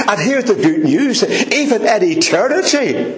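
A man's voice: high voice, very animated, unhurried. A man preaching a sermon, addressing the congregation by name with fervent, repeated emphasis. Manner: speaks directly to congregation members by name. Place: church hall before a congregation. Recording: roomy hall echo.

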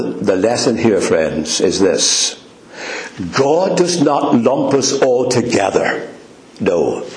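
A man preaching a sermon, slow and emphatic, leaning hard on key words and drawing them out. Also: lowish voice. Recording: echoey room.

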